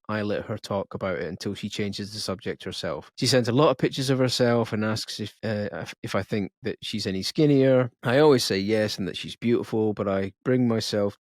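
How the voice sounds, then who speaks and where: A man's voice: lowish voice, dry recording, studio quality. A man co-hosting a podcast, reading a listener's confession aloud with small stumbles and self-corrections. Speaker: podcast co-host.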